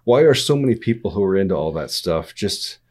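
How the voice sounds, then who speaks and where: A man's voice: sits low, big pitch swings, fairly quick, darkish tone. A man hosting a podcast, asking wry, teasing questions. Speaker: podcast host. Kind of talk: conversational interview.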